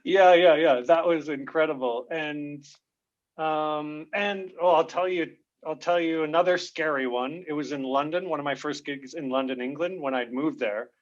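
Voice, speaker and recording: A man's voice: fairly high pitch, normal speed. Man telling stories on a dull, lo-fi line. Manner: lively, laughs often, acts out shouts in his stories. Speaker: guest comedian. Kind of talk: animated storytelling in a podcast interview. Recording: dull lo-fi sound.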